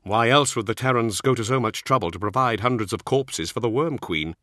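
A man's voice: medium pitch, a little fast, pushed and bright, no room sound, studio quality, voice pushed up, natural voice. A man reading as an earnest warrior-monk. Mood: explaining.

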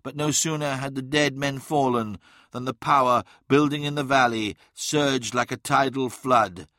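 A man reading an audiobook in a measured, dramatic way. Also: medium pitch, fairly even intonation, bright, forceful tone, no echo, studio quality. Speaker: narrator. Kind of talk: scripted audiobook narration.

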